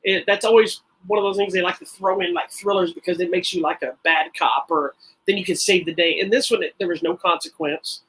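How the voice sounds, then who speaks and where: Husky man rambling about a movie. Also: high-pitched, a little fast, poor audio. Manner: rambling, animated, laughs often. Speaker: podcast co-host. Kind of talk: casual movie review chat.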